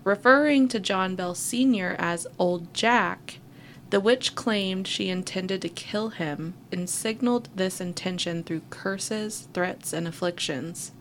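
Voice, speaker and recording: A woman podcast co-host with a mid-range voice reads a story aloud at a slow, even pace, breaking off now and then for wry asides between bits of casual chat. There's slight background noise.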